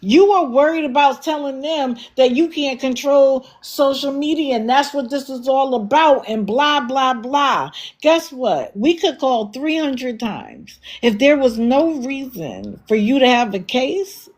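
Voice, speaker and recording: A woman's voice: sits high, expressive, a little slow, few pauses. Blunt, scolding woman livestream host. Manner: blunt, scolding, sarcastic rhetorical questions. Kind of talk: commentary livestream.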